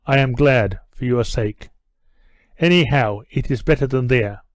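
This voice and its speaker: A man reading aloud who voices an earnest, steady gentleman in his own voice. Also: medium pitch, unhurried, dry recording, lightly acted. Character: earnest gentleman, troubled, determined.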